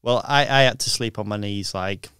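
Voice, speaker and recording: Smooth-voiced laid-back young man. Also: fairly low pitch, normal speed, sharp tone, no echo, studio quality. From half Scottish. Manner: laid-back, brief replies. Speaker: podcast co-host. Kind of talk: casual chat.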